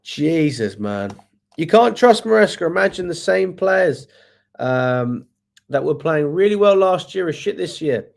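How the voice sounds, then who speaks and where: Exasperated football fan ranting. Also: male voice, a little high, very animated, vocal fry, a little hiss or hum. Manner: exasperated, swearing, rapid rhetorical questions. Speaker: football fan channel host. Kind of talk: live match review reading viewer comments.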